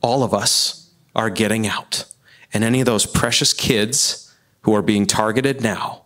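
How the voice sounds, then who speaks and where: Brief: man, lowish voice, earnest panelist at a church Q&A, impassioned, restarts and repeats phrases. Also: fairly even intonation, unhurried, fairly bright tone.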